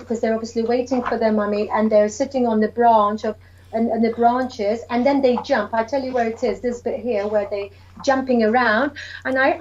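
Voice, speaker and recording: A woman's voice: on the high side, darkish tone, muffled recording. A woman early years educator chatting eagerly about reading to young children, acting out story voices and sounds.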